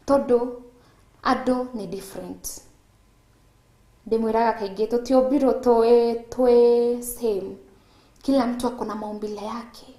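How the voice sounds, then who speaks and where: Emphatic Kenyan woman preaching, higher voice. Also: a little mellow, echoey room. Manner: code-switching, emphatic, laughs between points. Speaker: host of a Christian TV show. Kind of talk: devotional teaching on a call-in TV show.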